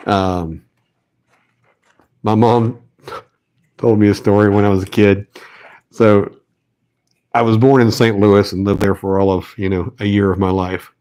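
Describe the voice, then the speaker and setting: A man's voice: on the low side, darkish tone. A man hosting a fishing channel, chatting casually while tying rigs, rambling with lots of fillers and restarts. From American South. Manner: rambling, self-deprecating, many fillers and restarts.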